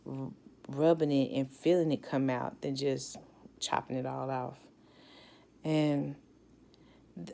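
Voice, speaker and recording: Woman, low voice, gravelly edge, reflective personal storytelling, candid, restarts sentences. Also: mellow. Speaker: cancer survivor telling her story.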